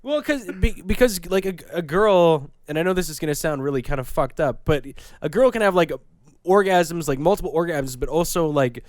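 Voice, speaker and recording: A young man co-hosting a crude podcast chat, laughing often and chiming in with halting remarks. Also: fairly high pitch, animated, no room sound. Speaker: podcast co-host. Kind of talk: crude casual podcast banter.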